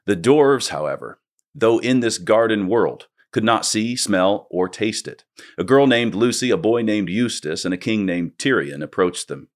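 A man reading a scripted essay aloud in a measured, earnest way. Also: fairly low pitch, expressive. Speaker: narrator.

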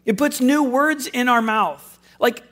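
A man's voice: very high-pitched, unhurried, sharp tone. A man preaching as a pastor, earnest and conversational, with wry self-deprecating asides. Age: adult with school-age children. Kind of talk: sermon.

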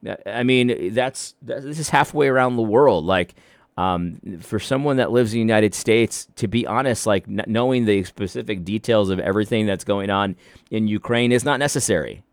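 A man's voice: fairly low pitch, moderate pace, no echo. A man giving a casual opinion monologue to his viewers, emphatic and explaining, often restarting and stuttering over his words. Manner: frequent restarts and stuttered repeats. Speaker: commentator.

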